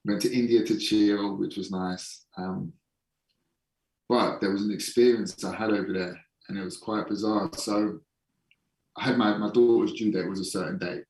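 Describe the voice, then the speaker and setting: A man with a low voice tells his story in a casual podcast interview, frank and sometimes swearing, slowing down to stress points. His voice sits somewhat back from the microphone in an echoey room. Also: steady tone, darkish tone, recorded from a distance. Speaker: podcast guest, holistic performance coach.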